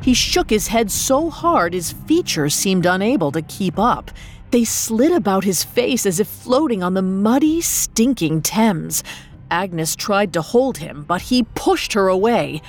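Slow, expressive female narrator for dramatic storytelling, faint music bed. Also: medium pitch. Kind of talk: scripted narration.

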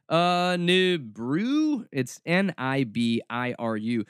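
A man's voice: mid-range voice, sing-song, slow, few pauses, smooth, no room sound, clean studio sound. A man hosting a podcast, talking in a sarcastic, snarky and mock-dramatic way in casual commentary. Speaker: podcast host.

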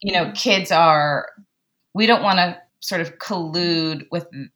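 A woman's voice: on the low side, unhurried, fairly bright tone. A woman psychologist who is a guest on a podcast, speaking animatedly, acting out inner dialogue and laughing often. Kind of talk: casual podcast conversation.

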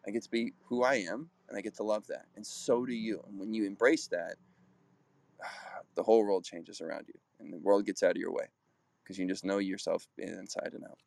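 Fast-talking earnest man in his thirties. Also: lowish voice, fairly even intonation, vocal fry, darkish tone, no echo. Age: 30s. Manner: rambling, earnest, frequent restarts and acted-out quotes. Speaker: basketball player and coach hosting a group talk. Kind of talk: casual motivational talk.

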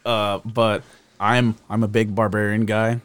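A man who is a regular on a podcast, telling jokes and opinions in a casual, animated way. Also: lowish voice, a little slow, smooth, no echo. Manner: animated, jokey storyteller. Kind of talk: casual chat.

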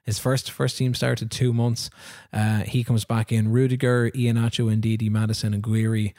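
A man's voice: medium pitch, flat delivery, normal speed, warm tone, dry recording, clean studio sound. A man, co-hosting a casual podcast, rambling through stories with frequent laughs. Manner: rambling storyteller, laughs often, acts out dialogue. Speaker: podcast co-host. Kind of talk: casual chat about a football video game.

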